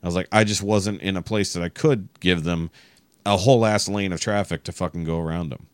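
A man's voice: low-pitched, steady tone, brisk, clean tone, no room sound. A man from Texas telling a long exasperated story in casual podcast chat, swearing freely. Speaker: podcast guest.

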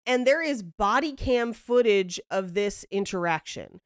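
A woman's voice: medium pitch, expressive, unhurried, smooth, no echo, studio quality. A young woman hosting a podcast, casually telling a story, acting out quotes and laughing often. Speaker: podcast host.

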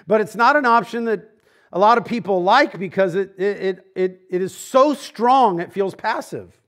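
A man preaching a sermon as pastor, conversational and animated, swinging from loud emphatic lines to hushed ones. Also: sits high, normal speed. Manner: conversational, with quoted asides.

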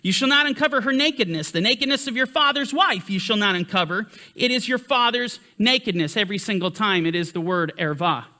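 Male Bible teacher, sermon-style teaching, very high pitch, bright edge. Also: fairly quick, hardly any pauses. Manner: emphatic, pitch swinging with emphasis.

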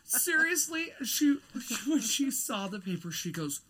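A woman's voice: high voice, sing-song, a little slow, a bit bright. A woman in casual chat, telling funny personal stories with a straight face.

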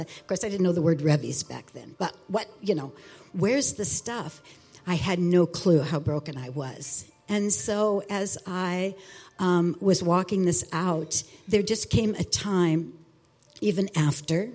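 A woman in her sixties giving a personal testimony, earnest and halting, with many fillers and restarts. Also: on the low side, darkish tone, slightly rough, soft background music. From Alaska. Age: 60s. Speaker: speaker sharing testimony.

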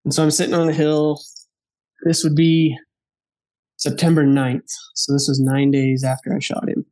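A man telling a hunting story in casual chat, animated, laughing and acting out the dialogue of the people in it. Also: a little high, moderate pace. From Wyoming. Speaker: podcast guest.

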